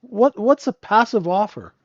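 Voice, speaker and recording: A man's voice: high-pitched, animated, moderate pace, dry recording, muffled recording. A man hosting a live trading room, giving casual, blunt and joking market commentary and often asking "right?". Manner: blunt and profane. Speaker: trading room host and mentor.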